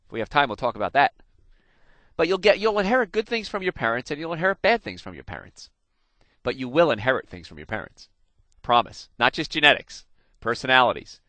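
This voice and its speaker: A man's voice: mid-range voice, brisk, no echo. A middle-aged man from New Jersey with a slight New Jersey accent, hosting a radio health show in a folksy, storytelling way and talking straight to his listeners. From New Jersey, USA. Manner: folksy storytelling, animated, addresses listeners directly. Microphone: studio microphone.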